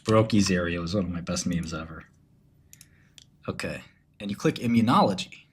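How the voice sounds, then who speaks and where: A man's voice: low voice, moderate pace, slight background noise. A man chatting casually on a livestream, profane and rambling, telling stories with mock menace. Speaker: streamer.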